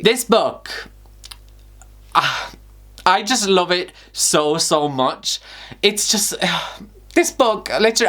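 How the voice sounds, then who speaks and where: A man's voice: fairly high pitch, pushed and bright. Gushing young man reviewing books. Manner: gushing, effusive, chatty with frequent sighs. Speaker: book vlogger. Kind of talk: casual book review vlog.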